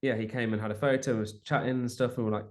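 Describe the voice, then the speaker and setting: A man's voice: medium pitch, fairly even intonation, very fast. A young adult man, a musician guest chatting casually in an interview, rambling with many restarts and fillers.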